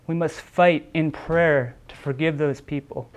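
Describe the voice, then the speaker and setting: A man's voice: on the high side, steady tone, unhurried. A man preaching a sermon as a pastor, earnest, with repeated words and small restarts.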